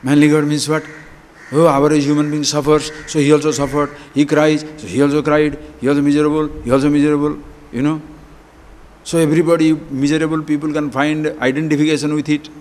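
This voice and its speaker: A man giving a spiritual discourse, animated and full of rhetorical questions. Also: fairly high pitch, fairly quick, slight background noise. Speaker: spiritual teacher. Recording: long hall reverb.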